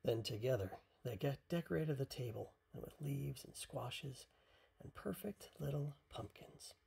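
A parent reading a picture book aloud at bedtime, softly and half-whispered. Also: medium pitch, expressive, vocal fry, slightly rough. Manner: soft, half-whispered, unhurried.

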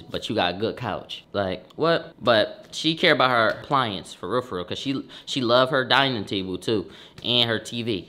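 A young man, a streamer, telling a story in a slangy, profane, animated way, getting loud on the punchlines. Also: medium pitch. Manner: swears often, slangy, bursts loud on punchlines.

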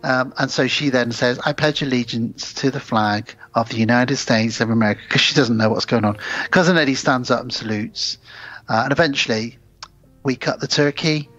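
A man's voice: medium pitch, normal speed, muffled recording, faint music behind. Man animatedly recapping a film. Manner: animated retelling, acts out characters' lines. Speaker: podcast co-host. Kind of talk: casual film recap chat.

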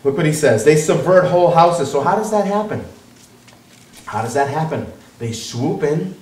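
An animated male pastor preaching a sermon, his voice rising high and ranging widely as he acts out other people's voices. He stands back from the microphone in a roomy, echoing church hall. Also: moderate pace, far from the mic.

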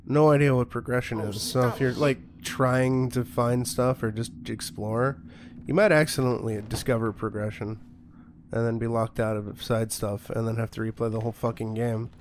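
A man's voice: mid-range voice, fairly even intonation, normal speed, a little hiss or hum. A man streaming a horror game, commenting with sarcastic, profane jokes. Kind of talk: casual gameplay commentary.

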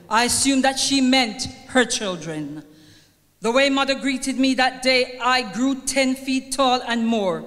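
A woman's voice: on the high side, fairly bright tone. An older woman with a Jamaican accent speaks at a funeral, tearful but earnest. She reads scripture in a lilting, churchly cadence. Her voice rings with the long reverb of a church hall. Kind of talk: heartfelt eulogy with scripture reading.

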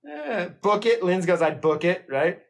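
A man's voice: high voice, vocal fry. A man hosting a live painting stream, chatting casually with viewers in a rambling, self-mocking way and laughing often. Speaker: livestream painting host.

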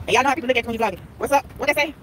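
Fast-talking high-voiced woman live-streaming outdoors. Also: fairly bright tone. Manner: talkative, playful, repeats herself, greets viewers by name. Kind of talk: chatty live-stream vlog, reading out chat comments. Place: outdoors at a busy tailgate. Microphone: phone held while walking. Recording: phone recording with outdoor background noise.

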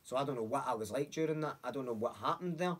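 Fast-talking Glaswegian man telling a story. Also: mid-range voice, breathy edge. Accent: Scottish, Glasgow. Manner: animated, acts out voices, swears freely. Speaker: podcast guest. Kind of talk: casual storytelling.

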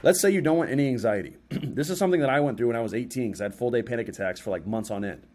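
A young man giving a casual motivational talk, slangy and conversational, acting out his own thoughts in quick quoted asides. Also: medium pitch. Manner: animated, acts out his own inner voice in quotes. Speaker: self-help speaker.

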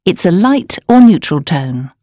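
A woman narrating a scripted language course, explaining words and tones in a clear, measured way. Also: fairly low pitch, very animated, warm tone, no room sound. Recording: dry studio voice-over.

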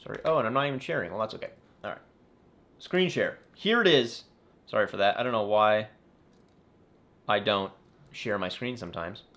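A man's voice: on the low side, animated, moderate pace, long pauses, fairly bright tone. A man hosting a casual live-stream Q&A as an aquarium YouTuber, chatty and rambling, often correcting himself and apologizing. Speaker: aquarium YouTuber answering viewer questions. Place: home in the California desert.

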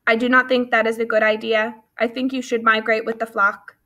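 A woman voicing a gentle female robot mother who speaks in an even, measured, formal way. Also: fairly high pitch. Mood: calm.

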